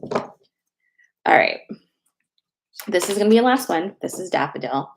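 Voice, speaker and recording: A woman's voice: on the low side, big pitch swings, measured pace, creaky, a little hiss or hum. Chatty spiritual woman, swears casually. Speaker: spiritual reader and host. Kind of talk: casual livestream talk.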